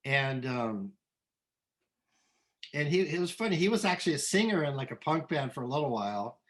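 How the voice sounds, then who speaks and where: A middle-aged man from Southern California, a musician being interviewed, talking in a relaxed, rambling way with many ums and restarts. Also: fairly high pitch, moderate pace. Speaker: musician guest. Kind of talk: casual interview.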